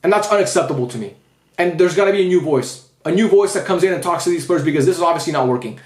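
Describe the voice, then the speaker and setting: Young male fan vlogger, fairly high voice, angry swearing post-match rant in a roomy space. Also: quick pace. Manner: frustrated, repetitive, swearing.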